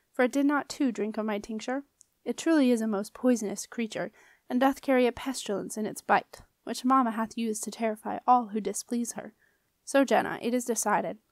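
A formal male alchemist speaks in stately old-world phrasing, measured and solemn, as a woman reading the book puts him on. The voice sits fairly high and sounds dry and close, like a storybook reading. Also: dry recording, natural voice. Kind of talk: audiobook character reading.

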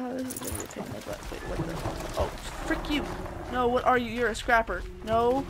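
Excitable woman narrating her gameplay. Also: fairly high pitch, normal speed, very noisy. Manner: excitable, talks to enemies, voice shoots up when panicked. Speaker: gameplay streamer. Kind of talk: let's play commentary.

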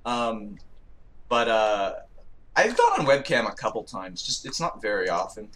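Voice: mid-range voice, big pitch swings, measured pace, a bit bright, slight background noise. A streamer in casual gaming chat, joking and prone to breathless laughing fits.

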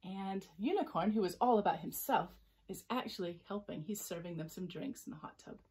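A woman reading her children's picture book aloud, animated, with chatty asides to young listeners. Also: medium pitch, a little fast, husky.

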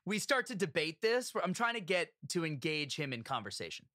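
A player in a live tabletop game, joking playfully and laughing loudly. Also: medium pitch, sing-song, fairly quick, no room sound, clean studio sound.

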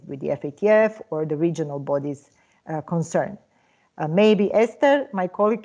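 A woman's voice: lowish voice, a little mellow. A woman presenting at an online workshop, laying out strategies step by step in an explanatory manner. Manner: explanatory, lays out strategies in numbered steps.

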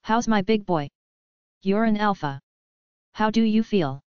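A woman's voice: medium pitch, expressive, a little slow, clear, resonant tone, no room sound, lightly acted. A woman reading a cheerful loving mother. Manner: bright, affectionate. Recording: dull lo-fi, dry.

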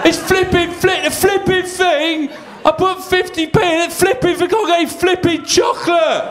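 A man playing a drunk who shouts at a broken vending machine, using a mild substitute word instead of swearing, recorded live over loud crowd laughter. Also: very high-pitched, steady tone, a little slow, echoey room, loud music behind the voice, voice pushed up. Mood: drunken rage. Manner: shouting, with a minced oath in place of swearing.

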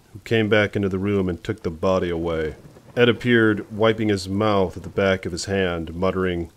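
Male audiobook narrator, low voice, measured suspenseful novel reading.

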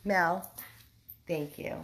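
A woman volunteering at a dog rescue, giving a casual video update to followers and slipping into high baby talk with a dog. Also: fairly even intonation, drawn-out words, very noisy.

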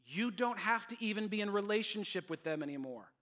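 Male pastor, bright upper voice, emphatic sermon delivery. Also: high-pitched, brisk. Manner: animated, emphatic preaching.

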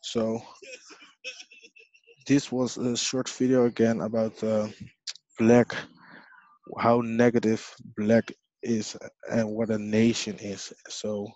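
A man hosting his own video talks slowly in a low, mellow voice. He reads dictionary definitions in a halting, rambling way and keeps apologizing. The recording is dry and dull, with a lo-fi sound. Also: little pitch movement, dry recording. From Haiti. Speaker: video host. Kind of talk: casual reading of dictionary definitions.

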